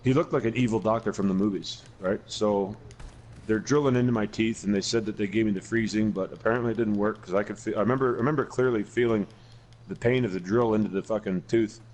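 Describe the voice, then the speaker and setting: A man's voice: lowish voice, steady tone, fast talker, darkish tone, low-quality recording. A man in his forties co-hosting a casual gaming podcast, telling long stories with constant swearing and many restarts. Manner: profane, rambling storyteller. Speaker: podcast co-host. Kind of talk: casual chat while gaming.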